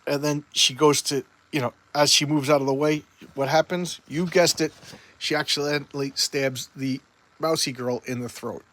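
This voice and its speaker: A man's voice: fairly high pitch, fairly even intonation, moderate pace, a bit bright. A man casually retelling a comic book story in a loose, rambling way, with many fillers and restarts.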